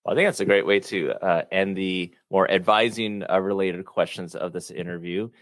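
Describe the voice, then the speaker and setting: A man hosts a podcast interview with a fairly low voice, moving between questions in an easy-going way with small fillers. The recording is dry and close. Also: fairly even intonation, normal speed, dry recording. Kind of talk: casual interview chat.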